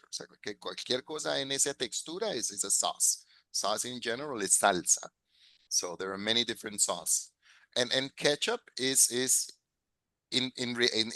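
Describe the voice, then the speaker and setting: Patient teacher. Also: male voice, medium pitch, pushed and bright, no echo, poor audio. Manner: patient, repeats and corrects words, praises students. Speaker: English teacher. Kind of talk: classroom lesson mixing English and Spanish.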